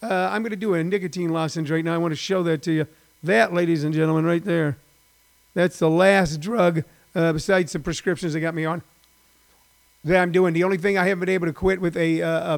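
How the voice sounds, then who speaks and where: A man's voice: fairly high pitch, steady tone, brisk, gravelly. A middle-aged man, a former stand-up comic, hosting a casual live stream from home, rambling and chatty with lots of fillers.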